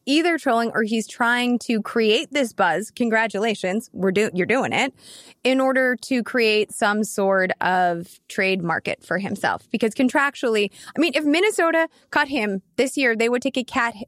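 A woman's voice: on the high side, expressive, moderate pace, a bit bright, no echo. A woman co-hosting a casual sports chat, running the segments with a bold, teasing manner. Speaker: podcast co-host.

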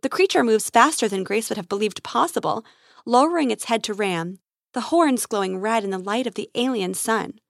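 A woman with a fairly high voice reads a children's space adventure aloud. Her delivery is lively and expressive. The sound is dry and close to the mic. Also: moderate pace, creaky, dry recording. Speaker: storyteller. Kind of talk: narrating a children's adventure story.

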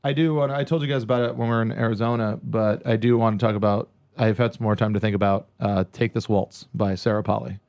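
A man's voice: fairly low pitch, fast talker, few pauses. Rambling, profane man telling stories. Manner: rambling, profane, animated storytelling. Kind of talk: casual comedic chat.

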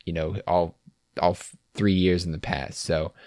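A man's voice: deep voice, a little slow, dry recording, studio quality. A man co-hosting a sports podcast, talking casually and laughing easily. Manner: relaxed, laughs often, trailing off. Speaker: podcast co-host.

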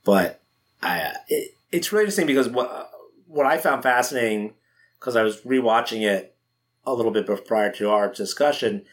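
A man talking as a guest filmmaker on a podcast, relaxed and rambling, with many fillers. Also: medium pitch, normal speed. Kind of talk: casual chat.

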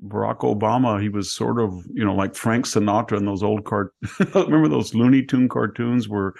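Gravelly older man, sardonic podcast talk. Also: fairly low pitch, normal speed, darkish tone. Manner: sardonic, laughing, mimics others. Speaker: podcast host. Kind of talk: casual political chat.

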